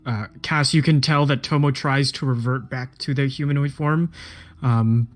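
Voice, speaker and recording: Man, calm plain game-master narration, mid pitch. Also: normal speed, faint music behind.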